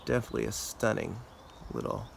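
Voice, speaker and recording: A low, gravelly-voiced man walks through an outdoor garden, chatting casually about each plant. His delivery is relaxed and unscripted, with small fillers, and a faint background hiss sits under the voice. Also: brisk. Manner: relaxed, informal explaining with fillers. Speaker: garden channel host. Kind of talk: casual garden tour walkthrough.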